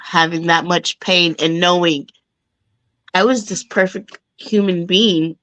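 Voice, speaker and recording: A woman's voice: fairly low pitch, steady tone, slow pace, a bit bright, dry recording. A woman hosting a casual chat, listening and responding with sympathy. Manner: sympathetic, agreeing.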